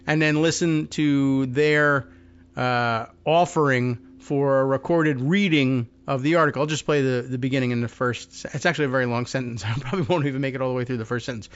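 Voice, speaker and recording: A man's voice: medium pitch, fairly even intonation, fairly quick, muffled recording. A man hosting a political talk show, rambling and wry, often stopping and restarting his sentences. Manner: rambling, self-interrupting, wry. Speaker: podcast host.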